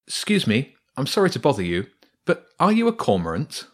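A man's voice: mid-range voice, huge pitch swings, brisk, pitched above the performer's own voice. A man voicing a curious, polite young boy in a storybook reading, asking eager questions. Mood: earnest.

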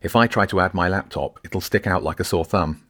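Curious schoolboy, careful and explaining, low-voiced, read by a man in a dry audiobook. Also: a little fast, fairly bright tone, dry recording. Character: teenage schoolboy, curious and cautious.

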